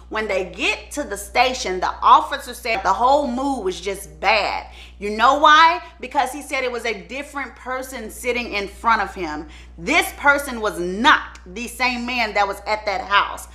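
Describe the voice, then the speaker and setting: A woman hosting her channel, telling a true-crime story in a chatty, animated way and acting out the people in it. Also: fairly high pitch, moderate pace. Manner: animated, chatty, acts out the quotes.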